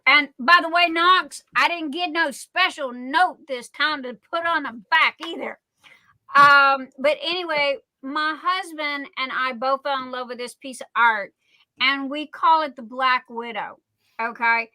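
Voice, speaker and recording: A middle-aged woman hosting a casual livestream, telling stories in a rambling, excitable way. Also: high-pitched, unhurried. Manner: rambling, excitable, chatty storytelling. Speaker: livestream host.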